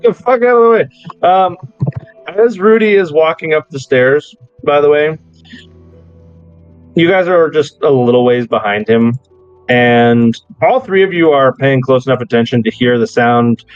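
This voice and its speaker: A man's voice: mid-range voice, unhurried, clear, resonant tone, faint music behind. Man, game master, dry wry narration, muffled voice chat.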